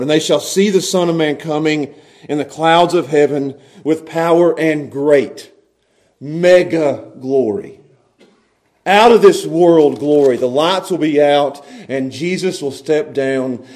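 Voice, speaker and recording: High-voiced animated male preacher. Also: unhurried. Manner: animated preaching, swinging from quiet to loud, chuckling between points. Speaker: pastor. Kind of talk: sermon.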